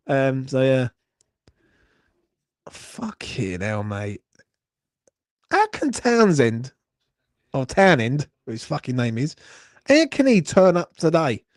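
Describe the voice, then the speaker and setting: A man's voice: mid-range voice, big pitch swings, a little slow, dry recording, studio quality. A young man, hosting a live horse racing watchalong, swearing and grumbling in a rambling way. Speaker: watchalong host.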